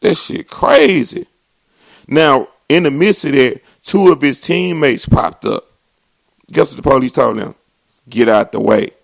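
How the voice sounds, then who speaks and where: Gravelly man ranting. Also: no room sound. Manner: animated, swings into mocking voices and high exclamations. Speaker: comedy show host. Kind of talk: profane comedic rant.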